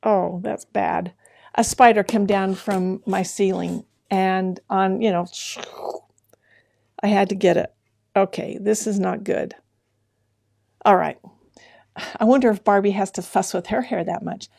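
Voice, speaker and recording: A middle-aged woman hosting a sewing livestream in a relaxed, chatty way. She greets viewers by name and laughs often. Her voice is mellow and carries a gravelly fry. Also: mid-range voice, a little slow, long pauses. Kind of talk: casual live-stream chat with viewers.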